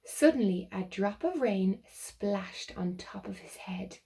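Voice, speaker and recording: A woman reading a picture book aloud to children, slow and expressive, dropping to soft whispered asides. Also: mid-range voice, gravelly. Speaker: children's story reader.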